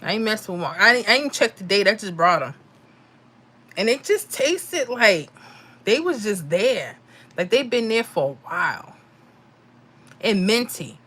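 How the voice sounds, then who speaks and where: Bright-voiced chatty woman livestream host. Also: mid-range voice, sing-song, unhurried, long pauses, slightly rough. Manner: chatty, laughs often, Southern-style speech. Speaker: livestream host reading chat. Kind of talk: casual live chat with viewers.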